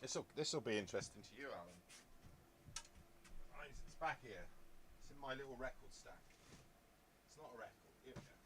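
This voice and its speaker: A man's voice: mid-range voice, expressive, moderate pace, long pauses, noisy background. A man, chatting casually as a podcast host, rambling along with jokey asides. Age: 50s. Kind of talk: casual chat.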